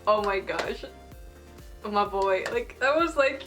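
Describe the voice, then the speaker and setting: A young woman with a fairly high voice gushes through an anime episode review. She is excitable and casual, and she fills her sentences with "like" as she talks. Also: a little slow, music in the background. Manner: gushing, excitable, heavy use of "like".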